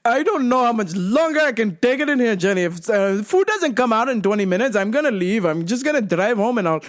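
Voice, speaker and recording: A melodramatic middle-aged dad who moans about everything in a raised, lively, pleading voice, as a woman puts him on. He whines and begs with exaggerated despair. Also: on the high side, a little fast, pitched above the performer's own voice, close to an everyday voice. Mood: fed up. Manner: exaggerated complaining. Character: whiny, dramatic middle-aged dad, easily fed up.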